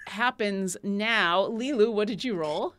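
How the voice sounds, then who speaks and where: A woman with a bright, clear voice narrates a tabletop game as its dungeon master. Her delivery is lively and playful as she sets each scene. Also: medium pitch, slow.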